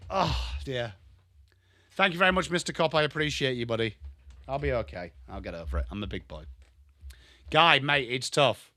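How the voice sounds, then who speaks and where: A young Englishman with an English accent hosting a live football watchalong stream, excitable and sweary, rattling off player names, tired from little sleep. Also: mid-range voice, moderate pace, long pauses, no room sound. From England. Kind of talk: live commentary and chat stream.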